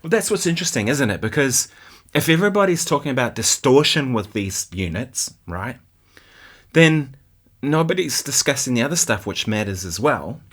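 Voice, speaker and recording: Man, New Zealand accent, guitar channel host, casual chat, mid-pitched, laughs a lot. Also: sing-song, normal speed, fairly bright tone. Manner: chatty, laughs often, keeps asking "right?". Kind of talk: casual commentary on viewer comments.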